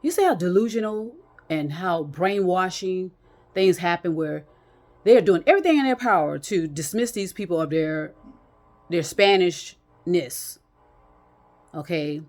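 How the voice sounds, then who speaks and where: A woman's voice: on the low side, lively intonation, a little slow, a little mellow. A woman talking casually to her viewers from a chair at home, rambling with many restarts and fillers and swearing bluntly. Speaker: vlogger. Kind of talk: casual monologue to camera. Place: small room at home, in a chair.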